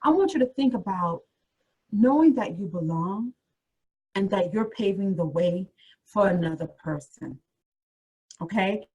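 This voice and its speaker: A woman's voice: on the high side, darkish tone, breathy edge, poor audio. A woman career coach giving a motivational webinar talk, encouraging and addressing her listeners directly with repeated phrases.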